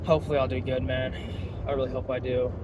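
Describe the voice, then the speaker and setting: A man's voice: mid-range voice, little pitch movement, fast talker, muffled recording. A young man who works at an auto shop, chatting casually and rambling with lots of swearing and fillers while he drives. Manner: profane, rambling, many fillers. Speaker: vlogger and auto shop worker. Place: inside a car on city streets. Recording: clear car and road noise.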